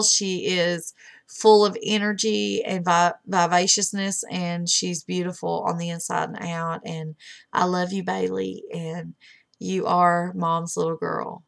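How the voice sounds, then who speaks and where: Low, gravelly-voiced woman saying emotional goodbyes. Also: fairly bright tone. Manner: heartfelt, halting, fighting back tears. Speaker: webcam streamer. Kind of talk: emotional farewell message.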